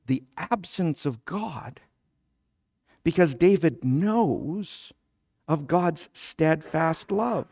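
Male pastor, sermon delivery; slow, measured, gravelly tone that swells to emphatic prayer. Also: a little high. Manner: preaching, rising to loud emphatic petitions; explains scripture slowly, then builds to loud emphatic petitions.

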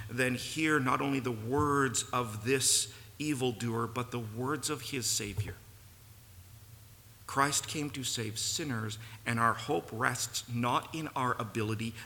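A man's voice: medium pitch, sharp tone. A man preaching a sermon in a church, earnest and building to emphatic peaks. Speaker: pastor. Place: church sanctuary. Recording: long reverb, faint room noise.

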